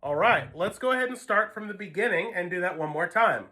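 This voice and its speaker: A man's voice: sits high, lively intonation, a little fast, bright, forceful tone. A man giving a patient music lesson, counting beats aloud and explaining notes to his students. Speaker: string teacher. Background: violin playing.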